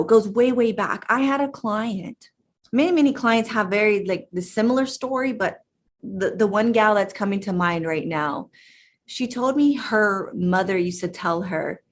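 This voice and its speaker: A woman hypnotherapist in casual talk to her viewers, chatty and emphatic, pausing now and then to gather her thoughts. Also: mid-range voice. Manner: chatty and emphatic, addresses listeners directly. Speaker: channeling hypnotherapist.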